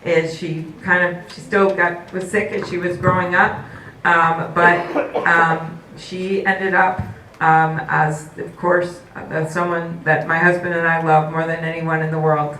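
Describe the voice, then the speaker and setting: In an echoey indoor forum hall, heard from far off with faint noise, a female political candidate delivers a campaign speech. Her voice is on the low side and a bit bright, with little pitch movement, and she speaks a little slowly, telling stories peppered with hesitant fillers.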